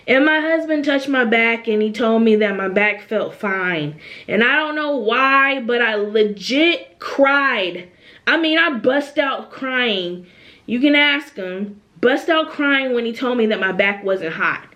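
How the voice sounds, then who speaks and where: Young woman vlogger, casual and chatty, a bit high-pitched, ends points with "okay?". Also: slow pace. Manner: chatty, animated, repeats phrases and tags "okay?". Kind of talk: casual chat to camera. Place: at home.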